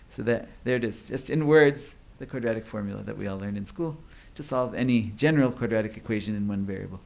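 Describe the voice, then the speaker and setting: A man's voice: on the low side, brisk, creaky. A man giving an academic lecture at a conference. He explains at length, with many fillers and restarts. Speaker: conference speaker.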